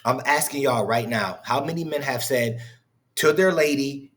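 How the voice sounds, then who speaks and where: A man's voice: medium pitch, normal speed, fairly bright tone. A man hosting a reaction commentary, mocking and incredulous, heated and profane as he talks back to a clip. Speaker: commentary host reacting to clips.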